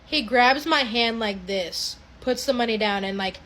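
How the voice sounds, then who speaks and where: A young adult woman telling a creepy story in a casual, animated way, swearing freely and restarting her sentences often. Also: on the high side, fairly quick, few pauses.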